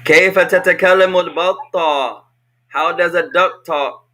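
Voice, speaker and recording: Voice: mid-range voice, fairly even intonation, normal speed, sharp tone. A teacher leading an online language lesson for children, patiently repeating each question over a video call.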